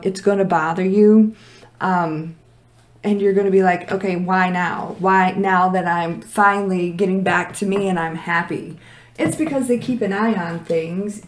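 Hoarse, blunt woman reading tarot. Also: fairly low pitch, a little mellow. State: losing her voice. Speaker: tarot reader. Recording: echoey room.

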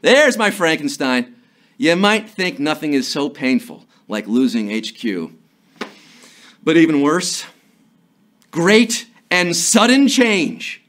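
A man's voice: fairly high pitch, lively intonation, measured pace, fairly bright tone. A man hosting a live trivia game show, with jokey, hyped-up patter.

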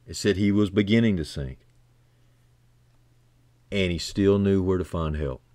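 A man preaching a sermon who builds from quiet, low passages to loud, fervent climaxes and repeats key phrases for emphasis. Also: unhurried, dry recording.

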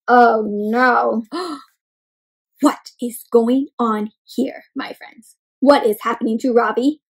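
Casting: woman storyteller with a high voice, animated read-aloud for kids, full of gasps and questions to the children. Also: takes it slowly, creaky, breathy edge, low-quality recording. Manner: expressive, often gasps, asks kids questions.

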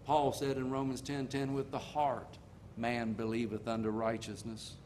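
An older man delivers a sermon as a string of homespun stories. His voice sits at an ordinary middle pitch, and he slows down deliberately to drive each point home. A faint low rumble runs under the recording. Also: completely flat delivery, darkish tone. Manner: folksy storytelling preaching, slowing for emphasis. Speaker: preacher.

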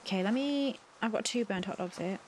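A woman's voice: mid-range voice, a little fast, slight background noise. A woman hosting a let's play, chatting flustered and apologetic to the game's characters as she plays. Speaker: gaming channel host.

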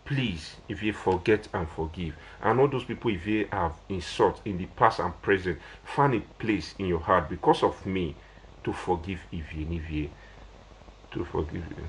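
A man's voice: low-pitched, normal speed, slight background noise. A young man with a Nigerian Pidgin English accent, talking casually on a live video and pleading with listeners in a rambling, repetitive way. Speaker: social media personality.

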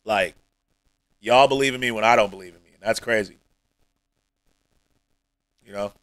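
A man's voice: on the low side, normal speed, a bit bright, no echo, low-quality recording. A male streamer talking to his chat in a rambling, heartfelt way, emotional and close to tears, often dropping almost to a mumble. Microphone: streaming mic.

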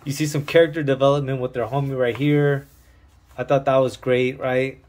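Dude hyped on a diy comic, cussing a lot, super casual slang, normal pitch. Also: male voice, little pitch movement, normal speed, a little mellow, slight background noise. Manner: enthusiastic, slangy and profane. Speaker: comic book reviewer. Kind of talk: casual video review.

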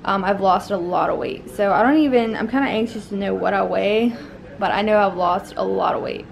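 A woman's voice: mid-range voice, brisk, gravelly. A young woman, a new mother, chatting casually to her vlog camera, rambling with many fillers.

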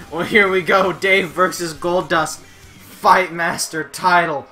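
A man giving playful, jokey play-by-play commentary on a wrestling video game, shouting at the big moments. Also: high-pitched, fairly even intonation, takes it slowly, soft background music.

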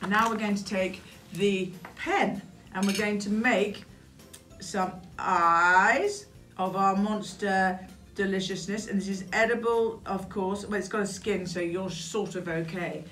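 A woman's voice: mid-range voice, steady tone, measured pace, a bit bright. A woman hosting a children's craft show in a playful, sing-song way, chatting with a puppet as she works. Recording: roomy echo with faint music.

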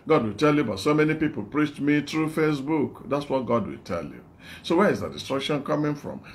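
A man's voice: medium pitch, a little hiss or hum. A man with a Nigerian English accent preaching a sermon as an evangelist, repeating his phrases in an exhorting, call-and-response way.

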